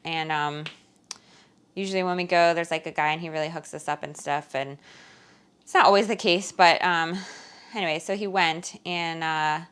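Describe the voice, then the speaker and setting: This woman has a slightly low voice and chats loosely while busy in her home kitchen. Her talk meanders and leans heavily on "like" and "um". Small laughs slip in between her phrases. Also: steady tone, normal speed, fairly bright tone, clear, resonant tone. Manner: chatty and rambling, heavy use of "like" and "um". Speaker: frugal-living vlogger. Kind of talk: casual chat to viewers while cooking.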